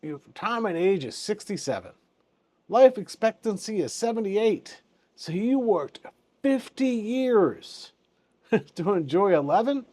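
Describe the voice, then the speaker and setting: A man's voice: high-pitched, animated, measured pace, warm tone. A man in his fifties hosting a casual finance commentary, chuckling often and making joking asides. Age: 50s. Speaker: finance channel host.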